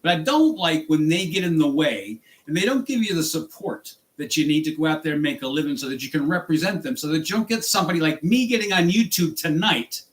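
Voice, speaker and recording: An angry man from the United States ranting in a vlog about his work as a rideshare driver, exasperated and jumping in pitch. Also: animated, fairly quick, few pauses, rough recording. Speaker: rideshare driver and channel host.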